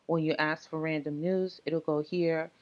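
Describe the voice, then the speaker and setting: This is a woman with a somewhat low voice, explaining software setup in a laid-back, unscripted way. She pauses often on fillers while she clicks through screens. The recording sounds dull and lo-fi. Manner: relaxed, many ums and uhs, talks through steps. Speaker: tech tutorial presenter. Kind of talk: casual screen-recorded tutorial narration.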